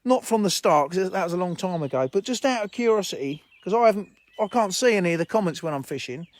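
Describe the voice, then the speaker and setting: A man's voice: high voice, expressive, fast talker, dry recording. A man hosting a casual outdoor livestream by a fishing lake, rambling bluntly and chatting with viewers. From England. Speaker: livestream host. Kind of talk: casual livestream chat reading viewer comments.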